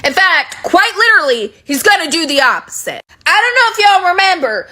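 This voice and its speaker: A woman's voice: very high voice, bright, forceful tone. Fired-up profane woman ranting. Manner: heated, profane, sarcastic. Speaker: social media commentator. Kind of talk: ranting to camera.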